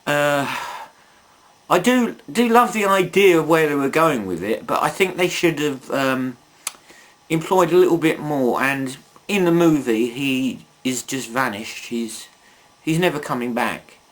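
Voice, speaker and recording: A man's voice: a little high, lively intonation, unhurried. A man reviewing toys in a casual video, rambling and chatty, full of asides and self-mocking jokes. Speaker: toy reviewer.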